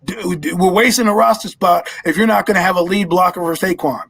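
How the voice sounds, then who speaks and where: A man calling in to a sports show, ranting in a loud, heated voice that often breaks into shouting. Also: high-pitched, a little fast, creaky, slightly rough. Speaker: call-in caller. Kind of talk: fired-up fan rant.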